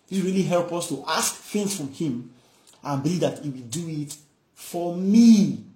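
A man's voice: a little high, animated, moderate pace, mellow, roomy sound. A man preaching a fervent sermon, repeating phrases and acting out the voices in scripture stories. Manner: fervent, repetitive, acts out dialogue.

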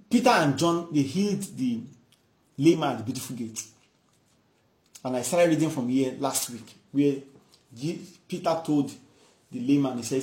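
A man's voice: on the high side, darkish tone, reverberant. A man preaching a fervent sermon, repeating phrases and acting out the voices in scripture stories. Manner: fervent, repetitive, acts out dialogue.

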